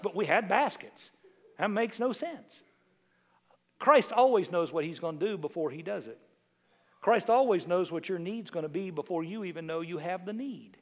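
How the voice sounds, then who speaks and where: A man preaching a sermon as a bishop, reading scripture quietly and then building to emphatic, repeated appeals to the congregation. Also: sits high.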